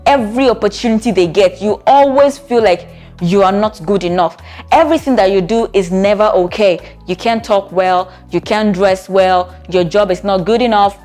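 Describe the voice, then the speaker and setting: A woman's voice: medium pitch, normal speed, darkish tone, faint music behind. A woman, a therapist giving relationship advice to camera in a conversational way, often checking in with the listener. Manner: conversational, with frequent rhetorical check-ins. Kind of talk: talking-to-camera advice video.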